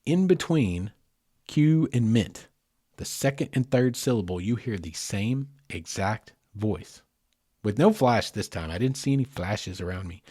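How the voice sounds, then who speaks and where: A man's voice: on the low side, animated, measured pace, warm tone, dry recording, studio quality. A middle-aged man hosting a podcast, telling a story casually and with animation, speaking directly to his listeners. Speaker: podcast host.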